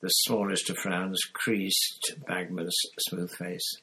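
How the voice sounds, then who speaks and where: A man's voice: deep voice, flat delivery, slow pace, pushed and bright, husky, low-quality recording. A man reading a novel aloud, in an unpolished style with small fillers and restarts. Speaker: audiobook reader.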